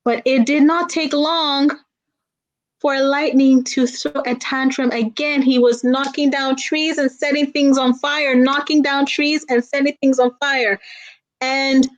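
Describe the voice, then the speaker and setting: A woman tells a folktale in a playful, unhurried way. She invites the listener to answer back in call-and-response. Her voice sits a little high. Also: fairly even intonation, highs cut off. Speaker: children's book author and guest. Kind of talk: telling a folktale aloud.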